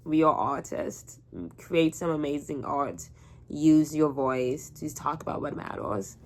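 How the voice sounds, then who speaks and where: Young woman vlogger, low-ish voice, sleepy and rambling, swears casually. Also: slow pace, a little mellow. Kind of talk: casual rant to camera.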